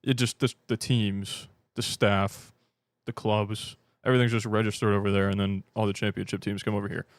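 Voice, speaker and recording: A man's voice: lowish voice, level tone, normal speed, hardly any pauses, no echo. A British man hosting a fan livestream, chatting casually and joking as he answers viewer comments. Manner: rambling and joking, self-deprecating, with many restarts. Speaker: fan channel livestream host.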